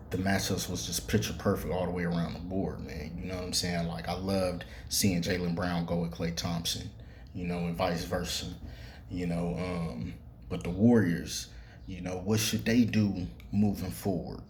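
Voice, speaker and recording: A man with a low, slightly mellow voice hosts a sports podcast, and the recording has a little hiss or hum. He delivers a casual commentary monologue, talking loosely and profanely with plenty of fillers while addressing the players directly.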